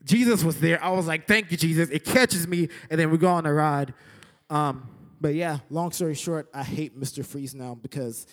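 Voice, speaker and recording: A young man teaching a lesson through an animated story, acting out scenes with sound effects and saying "like" a lot. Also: a little high, moderate pace. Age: young adult. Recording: echoey hall with long reverb.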